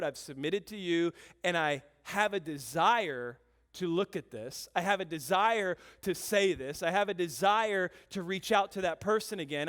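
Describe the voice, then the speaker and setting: A man in his thirties, a pastor preaching a sermon and telling family stories with animated, swinging delivery. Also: sits high. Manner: animated storytelling, swings from loud bursts to quiet intensity. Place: church.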